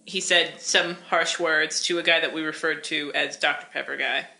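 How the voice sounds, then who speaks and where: A woman co-hosting a podcast, cracking quick jokes in casual banter. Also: low-pitched, steady tone, gravelly, pushed and bright. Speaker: podcast co-host. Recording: echoey room with faint hiss.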